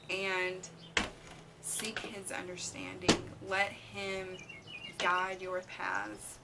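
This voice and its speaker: Woman vlogger, unhurried heartfelt delivery, noisy home recording. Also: lowish voice, completely flat delivery, vocal fry. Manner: slow, earnest, with frequent ums and restarts. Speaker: vlogger mom. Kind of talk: casual heartfelt vlog talk.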